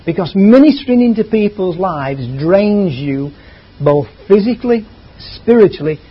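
A man's voice: high voice, animated, a little slow, husky. A man preaching a sermon in a chatty, conversational way, drifting into asides. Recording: dull lo-fi recording.

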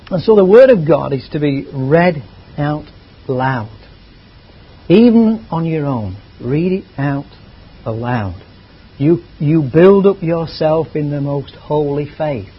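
A man's voice: on the high side, husky. A man preaching a sermon in a chatty, conversational way, drifting into asides. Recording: dull lo-fi recording.

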